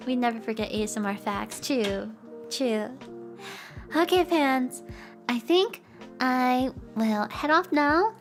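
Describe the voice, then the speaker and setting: A woman's voice: high voice, lively intonation, slow, pauses often, music in the background. A young woman hosting a casual livestream chat, bubbly and giggly, with a playful way of talking. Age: young adult. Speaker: streamer host.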